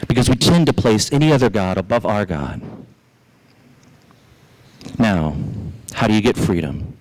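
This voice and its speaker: Southern pastor preaching with animated storytelling. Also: male voice, mid-range voice, low-quality recording. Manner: animated storytelling, addresses the congregation directly. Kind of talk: sermon.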